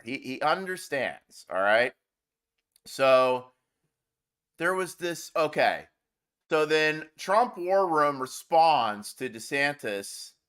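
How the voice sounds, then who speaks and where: A man's voice: mid-range voice, a bit bright. A man giving casual, exasperated reaction commentary. He rants and talks over the clips he plays. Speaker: political commentator.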